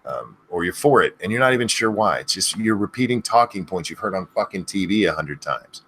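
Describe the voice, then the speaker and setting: A man's voice: low voice, expressive, brisk, bright, forceful tone, a little hiss or hum. A man from the United States, co-hosting a casual talk show, blunt and opinionated. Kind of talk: casual podcast chat.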